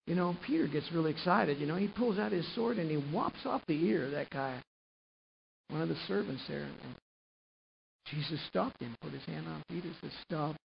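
A man preaching a sermon and retelling a gospel story, swinging from quiet narration up to loud, emphatic passages. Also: fairly high pitch, expressive, normal speed, vocal fry. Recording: muffled lo-fi recording with faint hiss.

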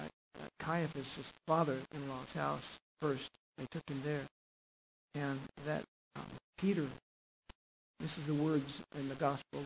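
A man preaching a sermon and retelling a gospel story, swinging from quiet narration up to loud, emphatic passages. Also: on the high side, gravelly. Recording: muffled lo-fi recording with faint hiss.

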